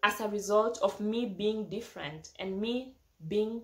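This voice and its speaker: A woman's voice: mid-range voice, a little slow. A young woman from abroad, living in Germany, talking to camera in an earnest, reflective vlog, often repeating phrases for emphasis. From not from Germany, living there. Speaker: vlogger. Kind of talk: casual talk to camera. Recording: echoey room.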